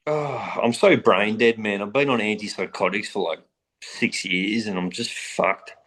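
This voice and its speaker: A man's voice: fairly low pitch, unhurried, a bit bright. A man interviewing in a casual chat, rambling and self-deprecating, often stumbling over his words.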